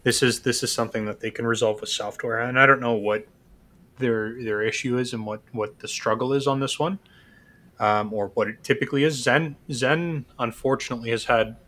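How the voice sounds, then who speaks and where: A man co-hosting a casual podcast chat, explaining points in a measured way. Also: mid-range voice, fairly even intonation, bright, forceful tone. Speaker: co-host.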